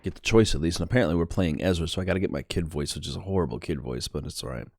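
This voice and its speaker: A man's voice: sits low, very fast, a little hiss or hum. Laid-back man playing a game. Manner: laid-back, swears, laughs at himself. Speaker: gaming channel host. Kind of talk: casual let's-play commentary.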